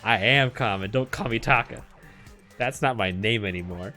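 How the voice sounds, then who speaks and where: A man voicing a loud, brash young male student who shouts boisterously. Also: on the low side, normal speed, soft background music. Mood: fired up.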